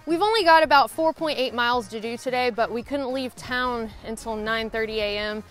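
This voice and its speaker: A woman's voice: fairly high pitch, fairly quick, fairly bright tone, faint music behind. A woman from Alabama with a Southern accent, chatting in a casual vlog while hiking a rural trail. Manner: chatty, upbeat. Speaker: vlogger.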